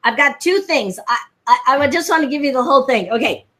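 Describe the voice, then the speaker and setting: Woman, high voice, animated storyteller, speaking coach, headset mic on a video call. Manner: fast, lively storyteller, acts out quotes in a high voice. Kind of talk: animated live-stream chat.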